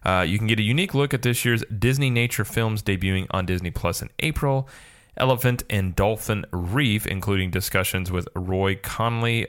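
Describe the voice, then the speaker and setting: A man in his thirties co-hosting a relaxed podcast with a fairly low voice. He reads long news items aloud, then drifts into joking asides and playful banter. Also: smooth. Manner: jokey, quick asides, playful exaggerated voices. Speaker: podcast co-host. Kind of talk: casual podcast chat, reading news aloud.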